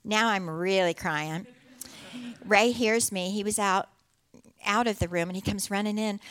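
A woman's voice: medium pitch, fairly even intonation, a little slow, clear, resonant tone. Earnest woman sharing church testimony. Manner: earnest and heartfelt, with soft laughter. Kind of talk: personal testimony to a congregation.

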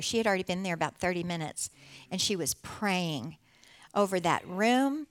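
A middle-aged woman speaks to a church congregation, telling her own story in an earnest, heartfelt way. Her voice sits at an ordinary pitch for a woman, and light laughter slips into her telling. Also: clear, resonant tone. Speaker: church speaker sharing testimony. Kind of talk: personal testimony to a congregation.

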